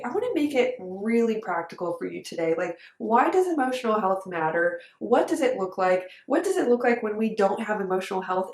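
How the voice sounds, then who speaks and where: A woman who coaches dancers, talking to camera in an earnest, emphatic, conversational way. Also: medium pitch. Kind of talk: direct-to-camera coaching talk. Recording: echoey room.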